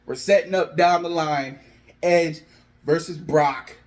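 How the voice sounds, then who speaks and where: A man excitedly narrating his own wrestling storyline like a play-by-play caller, animated and sometimes shouting. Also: a little high, slow pace. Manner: animated, breathless, shouts at big moments. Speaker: wrestling fan booking storylines.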